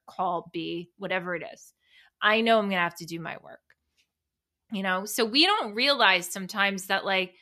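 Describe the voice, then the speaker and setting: A woman's voice: mid-range voice, pushed and bright. A woman hosting a solo podcast, talking candidly and reflectively in a loose, conversational way with frequent restarts. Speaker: podcast host.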